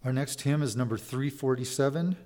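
A man's voice: mid-range voice, a little fast, dark tone, slight background noise. A man making brief, matter-of-fact announcements in a church service, heard from a distance.

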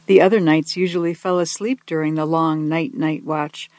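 A gentle storyteller reads a children's picture book aloud in a soft, mid-pitched voice. The delivery is expressive and unhurried, slowing to linger on key words. The sound is dry and close, with no room echo.

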